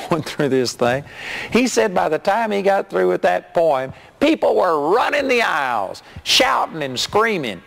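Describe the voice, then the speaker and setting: Middle-aged tv preacher guy teaching from scripture, a bit high-voiced, acts out stories. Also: unhurried, creaky. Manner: animated storytelling, mimics hyped preachers in a high voice. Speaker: television minister.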